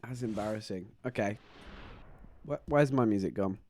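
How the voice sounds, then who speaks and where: A man's voice: on the low side, moderate pace. A man chatting casually on a live stream, rambling through stories and laughing often. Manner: rambling, animated storytelling with frequent laughs.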